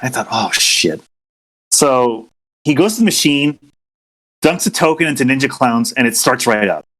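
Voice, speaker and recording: Male co-host, mid-pitched voice, animated storytelling, acts out quotes. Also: moderate pace. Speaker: podcast co-host. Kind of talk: casual chat.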